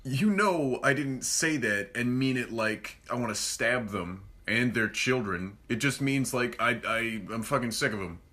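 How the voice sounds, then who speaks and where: A man's voice: medium pitch, lively intonation, measured pace, few pauses, bright, forceful tone. A young man delivering a sarcastic, exasperated comedic rant and slipping into mocking voices. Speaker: comedy vine creator.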